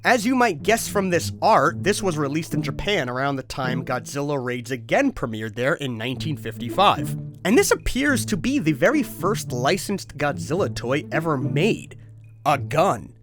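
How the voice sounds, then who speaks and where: Host, toy history overview, wry and jokey, animated delivery. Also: mid-range voice, moderate pace, music in the background. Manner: wry, exaggerated comic outbursts.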